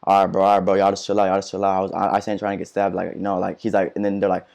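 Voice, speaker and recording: A man's voice: low voice, flat delivery, racing, creaky, few pauses, darkish tone. A teenage man telling a story in a casual interview, slangy and profane, full of fillers and restarts. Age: teens. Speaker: interview guest, rapper.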